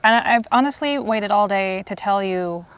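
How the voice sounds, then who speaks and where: A host in her forties, with a clear, resonant mid-range voice at normal speed, gushes earnestly to a guest about how much the guest's work means to her, close to tears. It's an emotional fan tribute, and the recording's highs are cut off.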